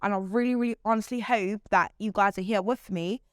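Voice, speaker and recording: A woman host speaks straight to her audience in a chatty, candid way, with playful asides now and then. Her voice is smooth and clear, at a middle pitch for a woman. The sound is close and dry, with no room echo. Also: steady tone, a little fast. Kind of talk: casual monologue to camera.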